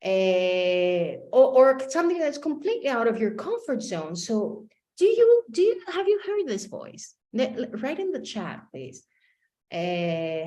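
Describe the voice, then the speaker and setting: A woman life coach tells a personal story in a lively, expressive way, acting out each exchange. Her voice sits a little high and ranges widely. The room gives her voice a clear echo. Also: unhurried. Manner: animated storyteller acting out dialogue. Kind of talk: motivational storytelling talk.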